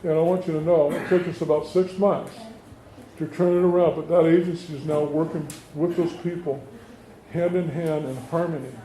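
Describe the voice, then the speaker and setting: A politician giving a campaign stump speech to residents, telling stories and acting out the quoted dialogue. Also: male voice, a little high, fairly even intonation, moderate pace, dark tone. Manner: storytelling, acts out quoted dialogue. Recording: roomy hall, faint background noise.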